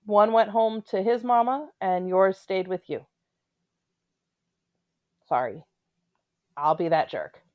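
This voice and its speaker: A woman's voice: medium pitch, slow, long pauses, no echo, narrow, tinny audio. A woman giving casual, opinionated commentary on a reality show, with blunt, sarcastic asides.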